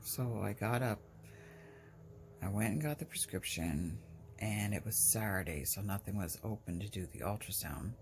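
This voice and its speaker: A woman's voice: extremely low pitch, expressive, moderate pace, a little mellow, a little hiss or hum. A woman telling a rambling personal story in a casual vlog, breaking off now and then to talk to her pets. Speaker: vlogger.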